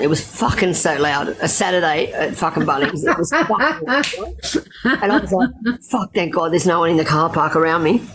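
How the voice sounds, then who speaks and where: A woman's voice: fairly low pitch, a little hiss or hum, poor audio. A middle-aged Australian woman telling stories to her live viewers in a blunt, laughing way, swearing freely. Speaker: livestreamer. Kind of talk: casual storytelling to live viewers.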